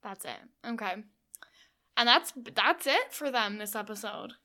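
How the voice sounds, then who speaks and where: A woman's voice: fairly high pitch, expressive, unhurried, sharp tone. A woman co-hosting a podcast, making dry, wry remarks in casual chat about a TV episode. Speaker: podcast co-host.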